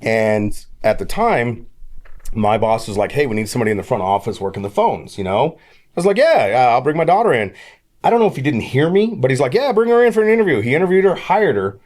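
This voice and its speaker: A man's voice: medium pitch, quick pace. A middle-aged man, a podcast guest, telling long casual stories and acting out quoted conversations. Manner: rambling, animated storyteller who acts out quoted dialogue. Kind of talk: casual storytelling.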